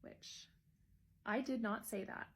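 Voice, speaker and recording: A woman teacher telling classroom stories to camera, wry and dry, sometimes dropping to hushed gossipy asides. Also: on the high side, steady tone, slow pace, breathy edge. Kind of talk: casual storytelling to camera.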